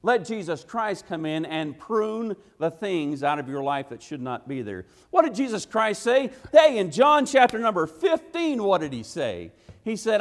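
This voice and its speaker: A man's voice: sits high, big pitch swings, a little slow, few pauses. A man preaching an evening church sermon in a folksy, emphatic way, firing off rhetorical questions and punctuating his points with "hey.". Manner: folksy, drops into "gotta" and "ain't". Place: church sanctuary. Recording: long reverb of a church hall.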